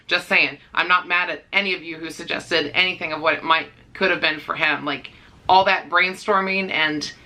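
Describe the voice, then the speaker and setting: Bright-voiced woman vlogging candidly. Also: deep voice. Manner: candid and rambling, with worried pauses and nervous laughs. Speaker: dog-care vlogger. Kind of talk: casual vlog talk to camera.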